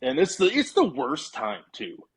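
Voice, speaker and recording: Husky dude telling a ghost story on a podcast, acts out all the quotes. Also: male voice, a little high, a little slow. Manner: animated storyteller, acting out his own quotes. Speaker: podcast guest. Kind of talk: casual storytelling chat.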